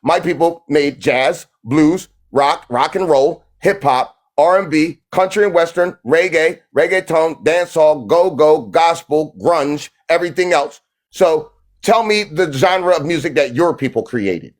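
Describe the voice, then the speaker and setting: A man with a voice a little higher than most argues heatedly on a live stream. He talks in a mocking, confrontational way and hammers the same phrases again and again. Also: a little slow, hardly any pauses.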